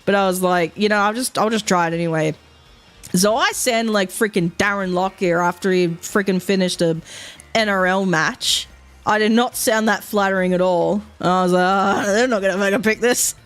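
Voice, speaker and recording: A woman's voice: mid-range voice, normal speed. Chatty Australian woman streamer. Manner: animated storytelling, laughing and swearing often. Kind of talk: casual stream chat.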